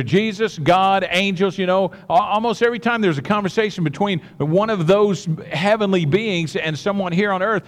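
A man's voice: high voice, in a large hall. A man preaching a sermon, earnest and repetitive, with many restarts and direct asides to the congregation. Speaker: pastor.

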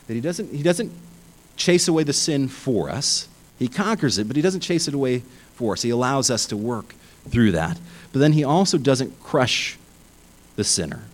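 Animated male preacher. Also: mid-range voice, rough recording. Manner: animated, emphatic, many restarts. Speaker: pastor. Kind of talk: sermon.

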